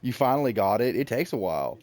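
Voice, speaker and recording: A man's voice: mid-range voice, big pitch swings, fast talker, a little mellow. A man with a Southern American accent, in his thirties, casually talking through a game on stream, rambling, joking about himself and chatting to the animals on screen. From Southern United States. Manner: rambling, self-mocking, chats to the game animals. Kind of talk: casual gameplay commentary.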